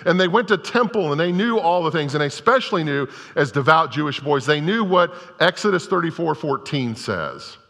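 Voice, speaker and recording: A man's voice: a little high, expressive, a little fast, creaky, few pauses, sharp tone. A male pastor preaching a sermon to a congregation, telling scripture stories in a conversational, storytelling way. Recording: long reverb of a large hall.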